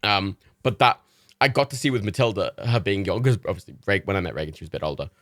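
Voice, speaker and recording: A man's voice: lowish voice, quick pace, a bit bright, no echo, clean studio sound. A young man hosting a livestream, chatting in a casual storytelling way, laughing often and swearing casually. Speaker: livestream host.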